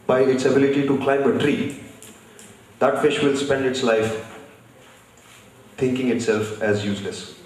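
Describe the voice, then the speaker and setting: Unhurried and leaving long pauses, an Indian author speaks at medium pitch with little pitch movement and a darkish tone. As a guest at a live festival panel, he is blunt and tells stories, recorded on a distant mic in an echoey large hall.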